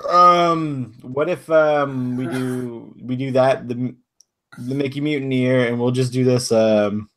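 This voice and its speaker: Man, podcast co-host, mid pitch, hesitant, um-filled, chuckling, casual. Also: slow pace, fairly bright tone. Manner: hesitant, lots of ums, chuckling. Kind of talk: casual chat.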